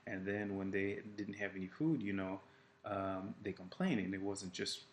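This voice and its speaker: Low-voiced man teaching faith casually. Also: steady tone, moderate pace, slight background noise. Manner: casual, retells scripture with quoted voices; many fillers and restarts. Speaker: life coach. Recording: echoey room with faint ambience.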